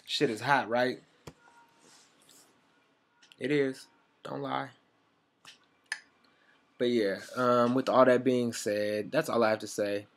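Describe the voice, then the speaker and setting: A man's voice: medium pitch, steady tone, slow pace, long pauses. A young man telling rambling, sarcastic stories straight to camera, swearing freely as he goes. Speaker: vlogger. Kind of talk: casual storytelling monologue.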